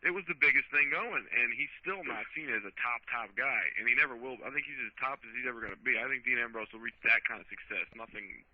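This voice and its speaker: A man co-hosts a casual talk radio show, talking very fast in a blunt, profane way. His voice sounds dry and close, with dull lo-fi sound. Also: medium pitch, no room sound. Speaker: radio co-host.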